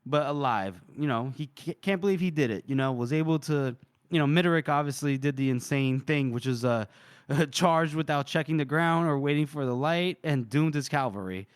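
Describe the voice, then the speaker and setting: A man's voice: a little high, normal speed, smooth, dry recording, studio quality. A man co-hosting a podcast, animatedly retelling a story, acting out the characters' lines and laughing often. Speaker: podcast co-host. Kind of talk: casual book discussion.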